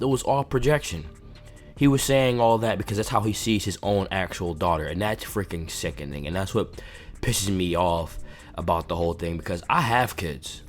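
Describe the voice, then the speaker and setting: A man hosting a commentary video, a father speaking in a heated, indignant rant. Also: deep voice. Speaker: commentary channel host. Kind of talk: reaction commentary. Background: faint background music.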